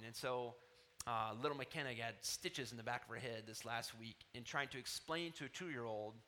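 Bright, emphatic preaching man. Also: a little high. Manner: emphatic preaching that drops to soft, tender asides. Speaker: pastor. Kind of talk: sermon.

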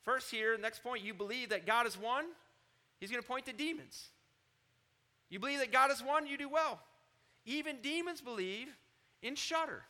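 Bright, high-voiced preaching man. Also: normal speed, long pauses. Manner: animated preaching, rising loud on quotes and dropping low to confide. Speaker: pastor. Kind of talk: sermon.

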